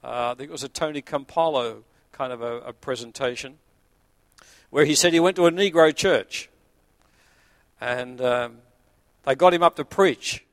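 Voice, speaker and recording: Man, pastor, sermon, earnest, fairly high voice, dry sound. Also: no room sound. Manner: earnest preaching, rising to emphatic peaks then dropping low.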